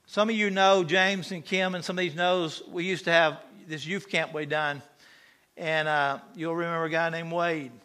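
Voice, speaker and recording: A man preaching an impassioned sermon, swinging from loud to hushed and asking the congregation questions. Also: fairly high pitch, steady tone, moderate pace.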